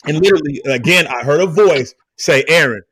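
A man hosting a podcast, telling a personal story in an animated, emphatic way and talking straight to his listeners with slang. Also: on the high side, brisk, slight background noise. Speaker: podcast host. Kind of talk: casual storytelling chat.

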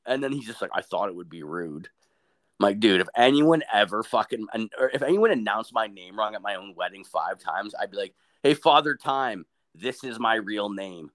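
Young guy ranting a wild story, swears nonstop, lowish voice. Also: moderate pace. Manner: profane, animated, quotes people in funny voices. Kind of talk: crude casual storytelling.

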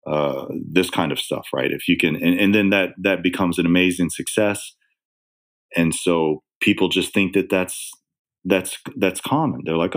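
A man with an extremely deep, low voice talks as a podcast guest. He rambles in a casual discussion, hesitant and full of fillers and restarts. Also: measured pace, fairly bright tone.

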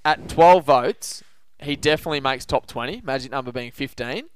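An Australian man hosting a casual sports betting podcast, talking up his picks with confident, animated banter. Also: medium pitch, moderate pace, smooth. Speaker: podcast host.

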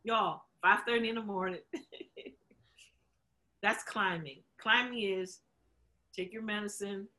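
Woman show host, candid storyteller with a bright, forceful voice, laughs easily and acts out what people said. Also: mid-range voice, fairly even intonation, slow pace, long pauses. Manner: emotional, chokes up while telling it; laughs often, acts out quotes. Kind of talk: candid conversation.

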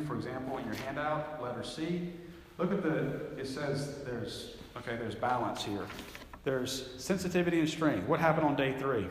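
A man's voice: mid-range voice, slight background noise. Man teaching in an echoey hall. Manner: conversational, emphatic, rambling with restarts. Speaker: Bible teacher. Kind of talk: classroom teaching with a handout. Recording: echoey hall, faint ambience.

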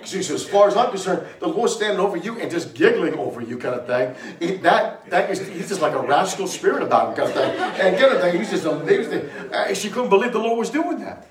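A man preaching in an echoey room, his voice set a little higher than most men's and picked up from some distance away. He tells stories in an animated way, laughing and breaking into loud shouts. It sounds like a church sermon. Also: fairly quick, hardly any pauses, crowd noise. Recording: echoey room, mic far from speaker.

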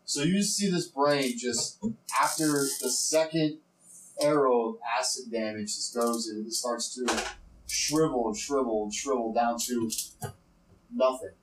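A man's voice: medium pitch, a little slow, roomy sound, a little hiss or hum, rough recording. A man narrating as game master of a tabletop game, rambling with many fillers.

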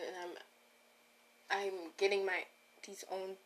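A woman's voice: mid-range voice, fairly even intonation, normal speed. Woman rambling on her own podcast, keeps cutting herself off, chatty, talks right to the listeners. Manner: rambling, self-interrupting, talks straight to listeners. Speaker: podcast host. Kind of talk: casual solo podcast monologue.

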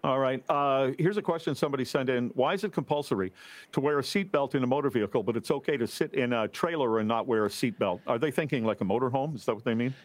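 A man's voice: mid-range voice, fast, no echo. A man hosting a radio call-in show from Canada, reading listener questions in a conversational way. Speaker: radio talk show host.

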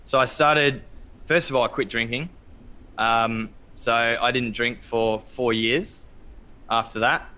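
A man speaks as a podcast guest in a bright, forward voice. He talks candidly and reflectively, pausing on ums and bursting into loud acted-out quotes. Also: medium pitch, fairly even intonation. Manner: open, reflective, many ums, acts out quotes loudly. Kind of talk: candid conversational storytelling.

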